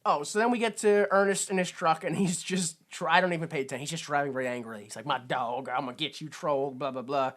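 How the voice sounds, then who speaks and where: A man's voice: a little high, fast talker, hardly any pauses, fairly bright tone. A man co-hosting a podcast, recapping a film in casual chat, acting out the characters in funny voices and laughing often. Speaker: podcast co-host.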